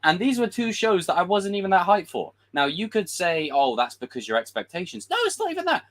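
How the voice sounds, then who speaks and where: A man's voice: high-pitched, very animated, brisk, a bit bright. A man giving a casual, frustrated livestream rant as a film commentator, swearing and acting out quotes.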